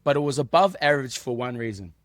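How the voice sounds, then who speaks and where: Aussie guy on a podcast, jokey and self-deprecating, middle pitch, just chatting. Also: lively intonation, fast, a bit bright, dry recording. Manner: joking, self-deprecating storytelling. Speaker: podcast co-host. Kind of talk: casual chat.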